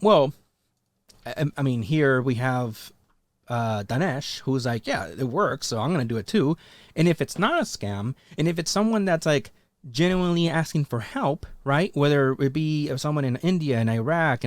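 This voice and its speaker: Rambling male commentary host, dry sound. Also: no echo. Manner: rambling and loose, full of fillers and restarts, pitch rising on emphatic points; talks directly to his followers, challenging them. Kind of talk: casual commentary vlog.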